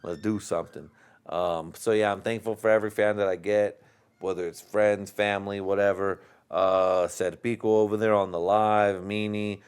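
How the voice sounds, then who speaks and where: A man's voice: on the low side, level tone, normal speed, smooth. A man hosting a casual podcast, telling stories in a rambling, profane way with bursts of laughter, a little tipsy from drinking. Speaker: podcast host.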